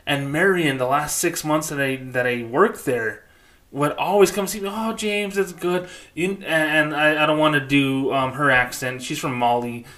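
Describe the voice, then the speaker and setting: A man's voice: medium pitch, normal speed, pushed and bright. A man delivering a casual ranting monologue as a former bank employee, blunt and profane, often stopping to say "okay?". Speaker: former bank employee turned customer advocate.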